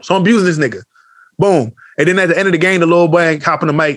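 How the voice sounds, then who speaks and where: Man, podcast co-host, rapid talker, slightly high voice, animated storytelling, slang, dry close sound. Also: dry recording. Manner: animated storytelling, acts out quotes, heavy slang and swearing. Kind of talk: casual chat.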